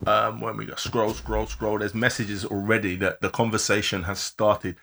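A man co-hosting a live-streamed podcast, rattling off listener shout-outs and laughing often. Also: fairly low pitch, level tone, moderate pace, gravelly. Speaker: podcast co-host.

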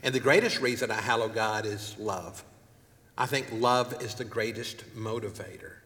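A man's voice: fairly low pitch, normal speed, sharp tone. A man preaching a sermon and reading scripture aloud, earnestly putting questions to his congregation, on a wireless mic in a church hall. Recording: echoey hall with long reverb.

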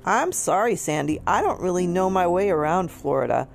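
A woman reading aloud, voicing a rude, street-tough male raccoon who talks gruff and demanding. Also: fairly low pitch, animated, moderate pace, slight background noise. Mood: friendly. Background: soft guitar music.

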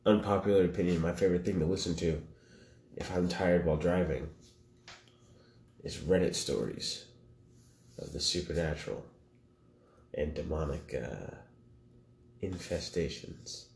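Deadpan joking man, gravelly voice, echoey room. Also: low-pitched, measured pace, long pauses. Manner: joking, deadpan, swears freely. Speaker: podcast co-host. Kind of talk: casual banter. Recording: echoey room with faint noise.

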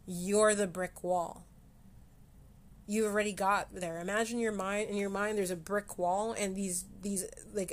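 A woman from Canada hosting a casual solo podcast, talking candidly with frequent restarts and casual swearing. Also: medium pitch. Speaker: podcast host.

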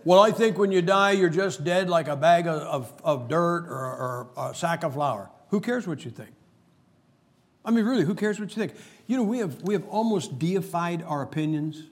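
Guy giving a jokey sermon, kinda husky, a bit high, tells stories and hammers his points. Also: animated, moderate pace. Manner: joking, storytelling, emphatic preacher. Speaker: preacher. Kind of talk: humorous sermon.

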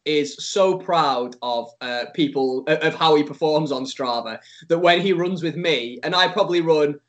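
A man hosts a light-hearted podcast, his voice sitting high and bright. He is playful and teasing and laughs easily. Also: normal speed. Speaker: podcast co-host.

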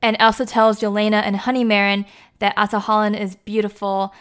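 A woman's voice: medium pitch, little pitch movement, a little fast, fairly bright tone, smooth. A woman giving a casual, chatty recap, with lots of "like" and "you know" as she talks.

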